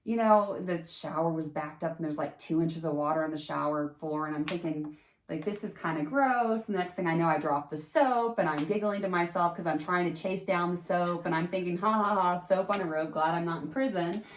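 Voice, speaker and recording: Host, female, lower voice, lively storyteller, roomy sound. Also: fairly quick, a little hiss or hum. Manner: animated, jumps into high pitch acting out quotes. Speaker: podcast host telling a personal story. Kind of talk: casual storytelling.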